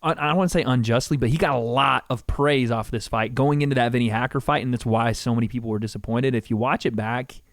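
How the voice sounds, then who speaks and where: A man's voice: mid-range voice, steady tone, fast talker, hardly any pauses, a bit bright, no room sound, studio quality. A man co-hosting a podcast, casually breaking down old fight footage and calling out punches with little sound effects.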